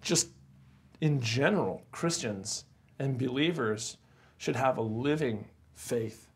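A man with a gravelly, husky voice talks casually on a podcast. He tells stories in an animated way and drops in slang like "bro.". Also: medium pitch, slow. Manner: animated storytelling, says "bro" and "crazy". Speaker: pastor and podcast host.

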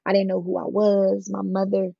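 A woman's voice: mid-range voice, completely flat delivery, brisk, gravelly, breathy edge, no room sound, muffled recording. A woman guest telling her own life story in an interview, plain-spoken and emphatic, often acting out what others said. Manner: emphatic, plain-spoken, acts out quoted voices. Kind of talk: candid conversational storytelling.

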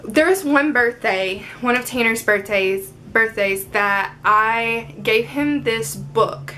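A woman's voice: a little high, slow, sharp tone, slight background noise. A young adult woman chatting casually in a get-to-know-me Q&A video, upbeat and full of fillers like "um" and "like". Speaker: vlogger.

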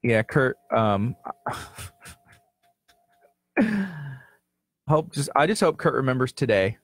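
A man's voice: mid-range voice, lively intonation, slow. A man co-hosting a local radio show, chatting casually and teasing his co-host with a joking, laughing manner. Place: radio studio. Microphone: studio microphone.

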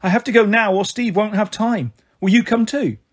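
A flamboyant, impulsive young mother, as a man puts her on while reading a storybook. She gushes and pleads in a raised, slightly husky voice, dramatic in every phrase. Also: sits high, normal speed, voice pushed up. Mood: gushing, pleading.

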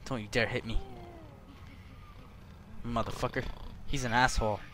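A man's voice: mid-range voice, steady tone, normal speed, slight background noise. A young man doing gameplay commentary, cursing and trash-talking the characters on screen. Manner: profane, trash-talking, yelling at game characters. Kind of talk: let's play commentary.

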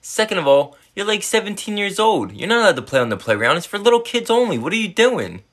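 A man voicing a blunt, deadpan counter worker in a lower, flat voice in a comedy sketch. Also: fast.

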